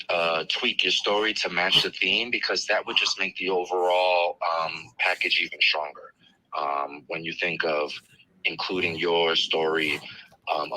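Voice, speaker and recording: A man speaking as a guest author, reflecting thoughtfully with hesitant pauses and many fillers. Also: sits low, pushed and bright, a little hiss or hum, low-quality recording. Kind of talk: reflective conversation.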